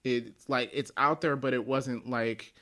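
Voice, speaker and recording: A man hosting a casual movie podcast, animated, laughing often and acting out quoted lines. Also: mid-range voice, a little slow. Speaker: podcast host. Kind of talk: casual movie review chat.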